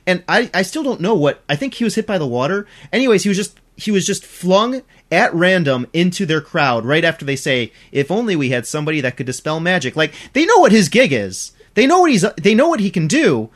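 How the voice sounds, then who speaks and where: A podcast co-host in casual chat, ranting in an animated, exasperated way and laughing as they talk. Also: fairly quick, few pauses. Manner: animated, exasperated ranting with big pitch swings; laughs while talking.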